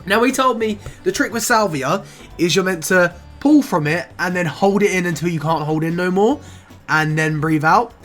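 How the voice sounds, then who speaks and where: A man's voice: sits high, moderate pace, soft background music. A young man, telling a casual, expletive-laden story for his vlog. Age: 20s. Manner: animated, swears often, says "bro" a lot. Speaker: vlogger.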